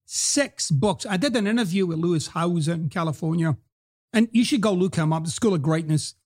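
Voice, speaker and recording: A middle-aged man from Scotland with a Scottish accent softened by American speech, hosting a podcast in a blunt, profane, emphatic motivational monologue. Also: on the high side, normal speed. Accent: Scottish mixed with American. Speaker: podcast host.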